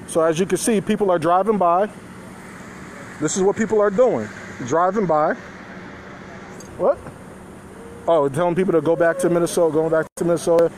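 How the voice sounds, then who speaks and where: High-voiced man reporting live outdoors. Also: fairly even intonation, normal speed, pauses often, darkish tone. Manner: loose and conversational, chuckling asides to viewers. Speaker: reporter streaming live from a protest. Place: outdoors by a street. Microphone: phone held in hand. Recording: faint outdoor street noise. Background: passing cars and street noise.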